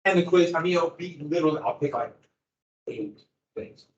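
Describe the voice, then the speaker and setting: A history teacher lectures his students in a classroom, keeping his explanations loose and conversational. He speaks at a moderate pace in a slightly high voice, and the classroom audio is lo-fi, dull and echoey.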